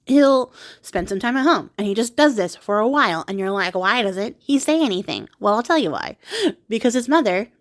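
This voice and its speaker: A woman's voice: fairly high pitch, expressive, a little fast. A woman, a craft vlogger, casually retelling a fairy tale while crafting, with giggles, sarcasm and lots of fillers.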